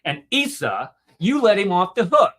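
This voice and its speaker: A man hosting a casual debate show, arguing in an animated way and acting out quotes. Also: high voice, normal speed. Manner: argumentative, animated, acts out quotes. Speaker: host.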